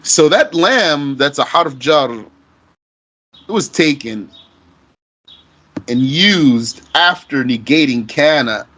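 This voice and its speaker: A man teaching Arabic grammar, explaining deliberately and asking himself rhetorical questions. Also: fairly high pitch, animated, sharp tone. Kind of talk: recorded grammar lesson.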